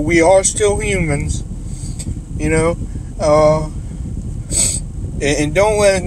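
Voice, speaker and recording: A man, talking in a halting, emotional, tearful way in a confessional vlog, full of restarts and apologies. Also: on the high side. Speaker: vlogger in recovery. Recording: outdoor recording with loud traffic noise.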